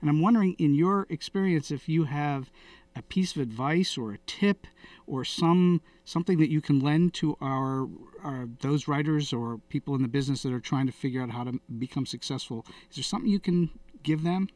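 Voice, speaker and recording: A man's voice: on the high side, fairly quick, darkish tone, dry recording, recorded from a distance. Effusive man hosting an interview. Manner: effusive, rambling questions with restarts. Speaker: podcast host.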